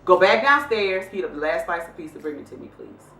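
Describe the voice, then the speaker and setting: Talking fast in a low-pitched voice with vocal fry, a woman on a casual vlog dramatizes the moment she scolded her son. A little hiss or hum is present, along with echo, a distant mic, and faint music.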